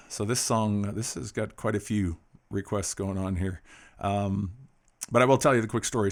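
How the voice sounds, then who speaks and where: A middle-aged Canadian man hosting a song-request show, chatting casually and telling rambling, folksy stories with lots of fillers. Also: on the low side. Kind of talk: casual chat between songs.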